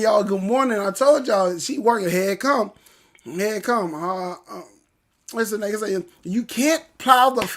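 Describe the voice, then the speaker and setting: A man hosting a casual morning livestream, greeting viewers and breaking into animated preaching. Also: sits high. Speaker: livestream host.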